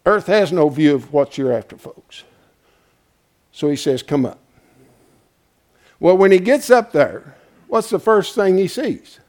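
A man with a high voice preaches a homespun Bible teaching sermon. He keeps quizzing the congregation and drawing answers from them. He drops to hushed asides, then rises to loud, emphatic peaks. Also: animated, unhurried, pauses often. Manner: asks the congregation questions and draws answers; homespun and colloquial, with frequent "folks" and "ain't".

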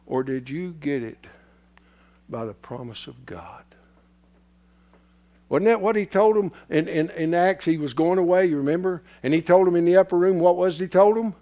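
A man preaching a sermon in a folksy, repetitive way, swinging from hushed whispers to shouts as his voice gives out. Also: high voice, moderate pace. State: losing his voice.

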